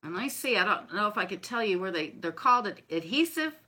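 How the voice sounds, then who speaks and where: Gushing woman with a bright voice. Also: medium pitch, big pitch swings, fast. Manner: gushing, chatty, effusive. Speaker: craft and decor vlogger. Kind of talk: casual chat unboxing viewer gifts.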